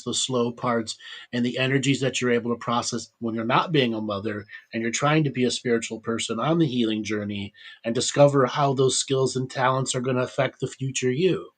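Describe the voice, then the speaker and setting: A male host on a video call coaches a guest in an easy, steady way and keeps asking if she is following. His pitch is ordinary for a man. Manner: coaching, checks in with repeated "okay?". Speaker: host and healer. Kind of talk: casual chat.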